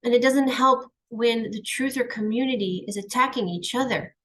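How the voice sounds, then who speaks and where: A middle-aged woman who hosts a channel speaks at normal speed in a fairly high, slightly bright voice. Her heartfelt personal monologue is earnest and emphatic as she reflects on her own struggles.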